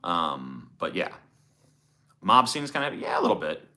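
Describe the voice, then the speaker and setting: A man's voice: low-pitched, sing-song, moderate pace, pushed and bright. A man streaming live, chatting in a profane, sarcastic, rambling way as he answers his chat. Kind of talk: casual livestream chat.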